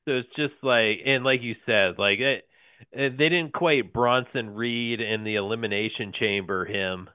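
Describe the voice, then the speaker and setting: A man co-hosting a casual podcast, talking haltingly with lots of fillers and frequent laughs. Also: medium pitch, smooth, dry recording. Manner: halting, many fillers and restarts, laughs often. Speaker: podcast co-host. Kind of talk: casual wrestling podcast chat. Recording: tinny phone-like line, dry.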